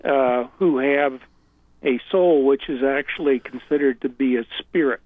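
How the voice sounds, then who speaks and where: A man calling in to a radio show, laying out his question carefully and deliberately. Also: mid-range voice, dry recording. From Illinois. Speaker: caller. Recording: tinny phone line.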